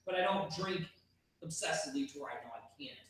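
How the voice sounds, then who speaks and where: A man's voice: on the high side, expressive, fast, a loud crowd. A man hosting a casual talk show, telling a story with lots of swearing and acting out the dialogue. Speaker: podcast host. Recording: echoey room, distant mic, faint noise.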